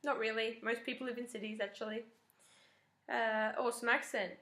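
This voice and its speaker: Chatty young Australian woman, bright voice. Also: a little high, steady tone, brisk. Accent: Australian, softened. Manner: chatty, wry, self-deprecating. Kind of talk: casual to-camera talk. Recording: echoey room.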